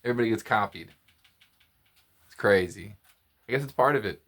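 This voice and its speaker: A man's voice: on the low side, lively intonation, a little fast, fairly bright tone. A man telling a story in a casual monologue, rambling, repeating phrases and restarting his sentences. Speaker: podcast host.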